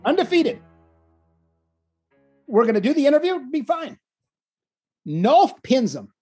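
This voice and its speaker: A man who works as a wrestling commentator, guest on an interview show, telling stories in an animated way and acting out what people said. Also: very high-pitched, moderate pace, slightly rough, faint music behind. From Wisconsin. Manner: animated storyteller, acts out quotes. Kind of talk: casual storytelling interview.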